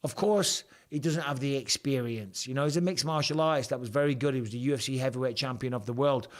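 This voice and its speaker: A man's voice: medium pitch, fast. Man, English accent, forties, home live-stream host, blunt, jokey. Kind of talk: live-stream reaction chat.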